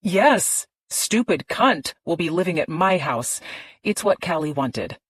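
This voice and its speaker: A woman voicing a grieving, guarded woman lawyer who speaks quietly and with restraint in an audiobook. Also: on the low side, animated, a little slow, breathy edge, no room sound, exaggerated voice. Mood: restrained.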